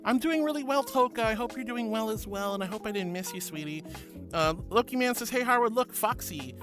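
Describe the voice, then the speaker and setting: A man's voice: high voice, brisk, music in the background. A man streaming as a virtual character, reading out viewer messages in an affectionate, playful way and calling people honey and sweetie. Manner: playful, makes silly noises. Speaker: VTuber streamer.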